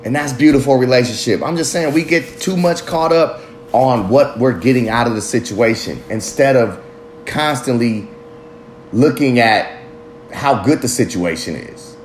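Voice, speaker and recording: A man rambles through a solo podcast, loose and profane, drifting between jokes and life lessons. His pitch sits mid-range for a man. A faint hiss of background noise lies under the voice. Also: lively intonation, moderate pace. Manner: loose, profane, street slang, rambling reflective. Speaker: podcast host. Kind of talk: casual solo podcast monologue.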